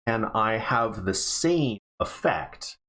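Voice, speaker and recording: A man playing in a tabletop game livestream, halting and hesitant, with frequent ums. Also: on the low side, lively intonation, bright, forceful tone. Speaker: player.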